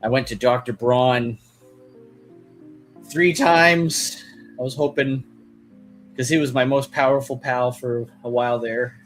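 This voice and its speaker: A man's voice: medium pitch, fairly even intonation, unhurried, long pauses, soft background music. A man streaming as he draws, chatting casually in a loose, rambling way that is full of "like" and "kinda". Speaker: artist streaming while drawing.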